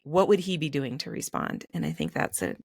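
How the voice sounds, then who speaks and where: A woman hosts a podcast, reflective and thoughtful, asking searching questions at an unhurried pace. Her voice is on the lower side, and the sound is dry and close-miked. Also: very animated, no echo. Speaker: podcast host. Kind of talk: reflective conversation.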